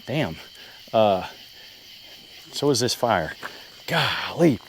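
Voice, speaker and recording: A middle-aged Oklahoma camping vlogger with a lowish voice is very animated and draws out his words. He rambles casually in and around his truck at a campsite, speaking to his dog, as bugs buzz faintly behind.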